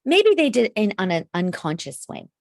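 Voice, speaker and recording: A woman co-hosting a podcast in casual chat, animated and rambling, often breaking into laughter. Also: mid-range voice, normal speed, gravelly, dry recording, studio quality. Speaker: podcast co-host.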